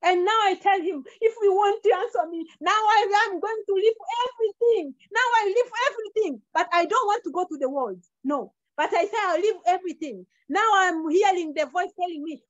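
A woman's voice: very high-pitched, brisk, hardly any pauses, no echo. A woman giving an earnest sermon testimony, repeating herself often, over a video call. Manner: earnest, repetitive, non-native phrasing. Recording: dull lo-fi online call audio.

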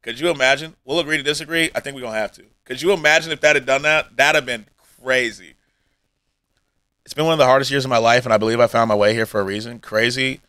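A man streaming live, talking to his viewers in a rambling, heartfelt way. He is emotional and close to tears, and his voice often sinks almost to a mumble. The sound is dry and close, and his pitch sits in a plain middle range. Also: steady tone, fast, sharp tone, clear, resonant tone, no echo, low-quality recording. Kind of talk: emotional livestream chat. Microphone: streaming mic.

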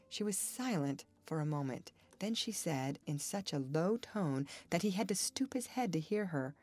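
Woman, audiobook narrator, low-pitched voice, measured even reading, scripted narration. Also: no echo.

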